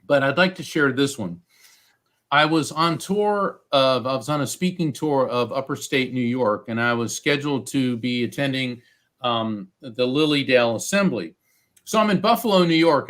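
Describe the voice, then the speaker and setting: A man guesting on an interview podcast as a psychic medium, telling stories and acting out what others said. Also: medium pitch. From United States. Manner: animated storyteller, acts out quoted voices. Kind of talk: storytelling interview.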